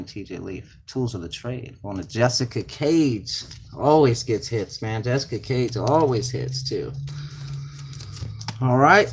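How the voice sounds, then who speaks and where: Calling out card names and numbers, a flustered, distracted man hosts a card break with chatty, casual commentary. His voice sits mid-range, and a little hiss or hum runs under the audio.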